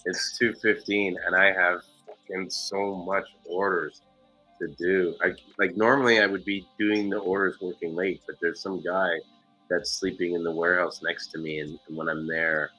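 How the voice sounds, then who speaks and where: A man hosting a loose, casual talk show who tells a heated story full of swearing. His voice is bright and forceful. Faint music plays underneath. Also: deep voice, little pitch movement, moderate pace, breathy edge, low-quality recording. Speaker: podcast host. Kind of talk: casual chat.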